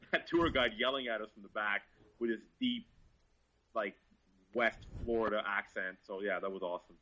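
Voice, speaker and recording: A man's voice: lowish voice, normal speed, low-quality recording. A man, a guest car reviewer, telling stories in casual chat with lots of laughs and swearing. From Quebec, Canada. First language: French. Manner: laughing, profane, animated storytelling.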